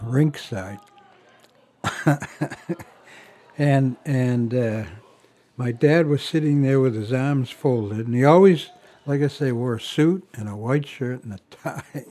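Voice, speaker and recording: A man's voice: medium pitch, dark tone. An older man tells family stories in a rambling way, chuckling often and stopping to restart. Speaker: family member sharing memories. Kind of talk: casual storytelling.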